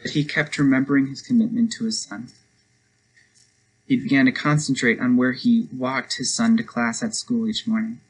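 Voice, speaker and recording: A man with a medium-pitched, husky voice preaches a devotional sermon at normal speed with flat delivery, over poor audio. He tells a story earnestly, speeding up for quoted lines, and then leads a prayer.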